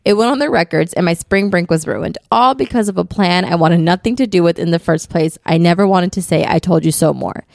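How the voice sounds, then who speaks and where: A woman's voice: fairly low pitch, brisk, creaky, hardly any pauses, dry recording, clean studio sound. A woman co-hosting a casual podcast, reading stories aloud and chatting about them. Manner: laughs often, reads then comments.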